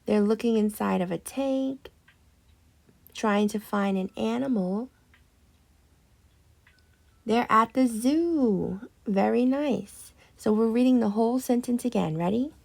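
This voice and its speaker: Slow, gravelly-voiced reading teacher woman. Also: on the high side, a little mellow. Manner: slow, patient, drawn-out modeling of words. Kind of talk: guided reading lesson for young children.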